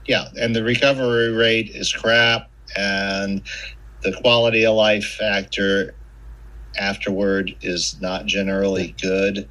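Bright-voiced man telling stories. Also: on the low side, measured pace, low-quality recording. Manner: animated storyteller, swears freely. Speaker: author, podcast guest. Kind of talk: casual conversation.

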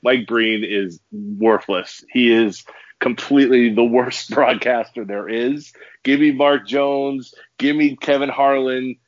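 A man's voice: mid-range voice, fairly even intonation, slow, no echo, lo-fi sound. A man co-hosting a sports podcast, ranting emphatically with many restarts and repeated words. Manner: emphatic, repetitive restarts, angry. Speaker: podcast co-host. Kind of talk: heated sports podcast rant.

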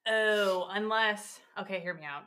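A woman co-hosting a podcast, chatting casually and working through theories out loud. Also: medium pitch. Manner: thinks out loud, builds theories in quick fragments. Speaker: podcast co-host. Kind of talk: casual chat.

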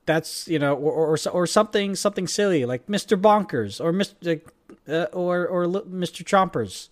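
A young man chatting casually and jokily as a podcast co-host, rambling and animated. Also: high-pitched, normal speed. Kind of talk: casual chat.

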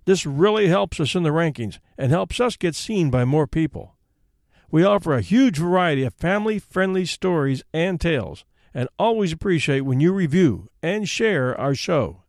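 A man hosting a story podcast, reading a classic tale aloud with expressive narration. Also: fairly high pitch, normal speed, no echo, studio quality.

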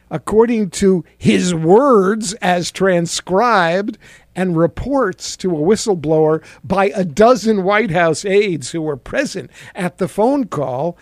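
A middle-aged male radio host delivers mocking political commentary in a sarcastic way. His voice is high for a man. The sound is dry and close to the mic. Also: darkish tone, no echo. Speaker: radio talk show host.

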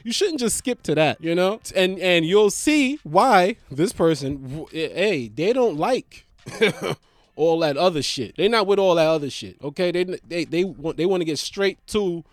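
A man tells a comedic rant in an exaggerated, swinging manner. His voice sits high and moves all over the place. The sound is dry and close, with no room around it. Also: sing-song, moderate pace, no room sound. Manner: exaggerated, swings into low put-on voices for callers. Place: indoors at home.

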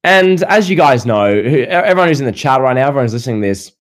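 A man's voice: mid-range voice, animated, fast talker. An Australian man hosting a casual wrestling podcast, firing off rhetorical questions with a sarcastic edge. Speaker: podcast host.

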